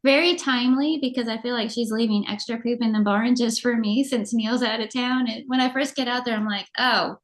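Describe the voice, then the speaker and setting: A middle-aged woman co-hosting a casual chat show, telling animated stories and laughing often. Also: on the high side, brisk, hardly any pauses. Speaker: podcast co-host.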